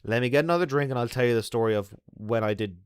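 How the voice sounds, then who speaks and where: A man's voice: medium pitch, fast talker, clean tone, dry recording, studio quality. A man with an Irish accent chatting casually with viewers from a bar, joking and laughing often. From Ireland. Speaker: host. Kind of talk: casual live chat with viewers.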